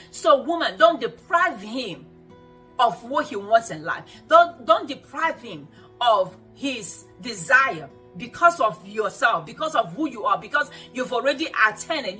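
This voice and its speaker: A woman with a bright, forceful, slightly high voice gives a motivational talk to women, preachy and earnest. She hammers her points home by repeating them. Soft music plays faintly behind her. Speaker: host of a self-help show.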